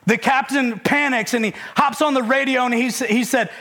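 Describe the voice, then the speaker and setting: A man's voice: very high-pitched, fairly even intonation, normal speed, few pauses, pushed and bright. A man preaching a conversational sermon, emphatic, repeating key phrases and dropping folksy humorous asides. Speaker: pastor.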